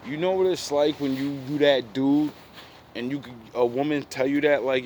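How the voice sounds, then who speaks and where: A man's voice: medium pitch, normal speed, darkish tone, a little hiss or hum. Blunt man telling a street story. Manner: blunt, profane street slang. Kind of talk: casual storytelling.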